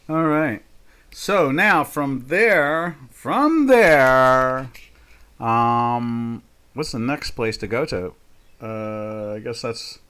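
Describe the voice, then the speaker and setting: An older man runs a live trading session, chatting his way through price charts. He talks in a folksy, easygoing way, breaking in with jokes and mock exasperation. His voice sits at an ordinary middle pitch for a man. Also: a bit bright. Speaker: trading webinar host. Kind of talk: casual live market commentary.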